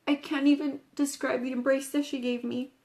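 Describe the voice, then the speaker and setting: Woman guest, high voice, close to tears throughout. Halting, repetitive, apologetic personal testimony. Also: flat delivery, darkish tone, a little hiss or hum. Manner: halting, repeats phrases, apologetic. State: tearful, crying. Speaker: guest telling her life story.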